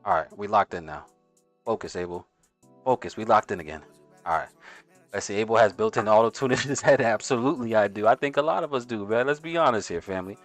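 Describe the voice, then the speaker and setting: A man with a New York accent and a voice on the low side hosts a casual day-trading livestream, talking fast in loose slang. He is a day trader who gets hyped, sings along to the music, and sounds out of breath. The recording is dry, with faint music playing behind him.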